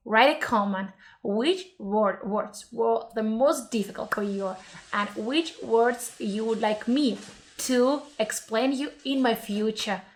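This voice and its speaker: A woman teaching pronunciation, speaking slowly and carefully and modelling words for learners to repeat. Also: a little high, slight background noise. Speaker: Russian language teacher. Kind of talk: pronunciation lesson.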